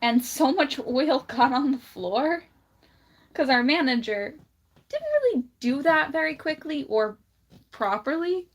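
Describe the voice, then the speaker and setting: A woman with a slight lisp chatting on a livestream in a high-ish voice. She drags her words out slowly and bluntly. She laughs often between thoughts. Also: animated. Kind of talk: casual livestream chat.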